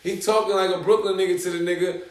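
Animated New man hosting a podcast. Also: sits high, fast talker, slight background noise. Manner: animated, slangy, retells stories with lots of asides. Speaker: podcast host. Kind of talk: casual podcast storytelling. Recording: roomy echo.

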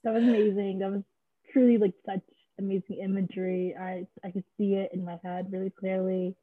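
A woman's voice: medium pitch, little pitch movement, a little fast, dry recording. A woman hosting a casual interview who praises her guest enthusiastically and gushes freely. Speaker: podcast host. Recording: tinny phone-like line, dry.

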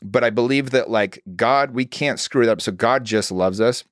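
A man's voice: mid-range voice, normal speed, no room sound, clean studio sound. A man as a podcast guest, telling personal stories in an earnest, casual way with lots of "like" fillers. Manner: earnest storytelling, frequent "like" fillers. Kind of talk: casual conversation.

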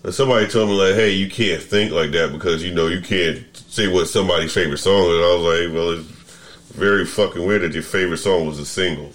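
A man with a very low, deep voice hosts a casual podcast conversation. He rambles and keeps cutting himself off mid-sentence. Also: fast talker, a bit bright. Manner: rambling, self-interrupting, restarts sentences. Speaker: podcast host. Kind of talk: casual chat.

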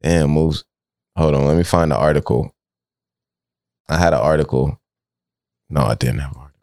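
A young man co-hosting a podcast in casual chat, rambling and animated, jumping up high when he reacts. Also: normal speed, creaky. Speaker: podcast co-host.

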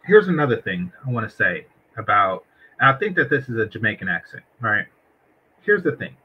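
A man's voice: fairly low pitch, very animated, moderate pace, slightly rough, dull audio. A man giving blunt, crude, joking commentary on a clip in casual talk. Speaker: reaction video commentator.

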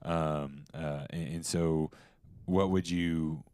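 A man's voice: very deep voice, steady tone, takes it slowly, mellow, clear, resonant tone, no echo. A young man hosting a casual podcast chat, rambling through fillers and restarts. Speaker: podcast host.

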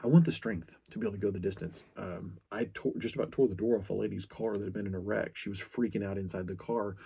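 Middle-aged male podcast host, deep husky voice, earnest storyteller. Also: steady tone, fast, dark tone. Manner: earnest storytelling, frequent restarts. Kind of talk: casual podcast monologue.

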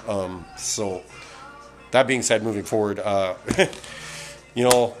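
Speaking slowly at a fairly low pitch over music, a middle-aged Canadian man hosts his podcast slightly drunk on beer. His rant is profane and rambling, full of fillers and restarts.

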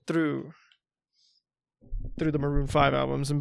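A man's voice: on the high side, expressive, moderate pace, vocal fry, dry recording, studio quality. A man in his twenties co-hosting a podcast, chatting casually and thinking aloud in a rambling way. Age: 20s. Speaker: podcast co-host. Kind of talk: casual chat.

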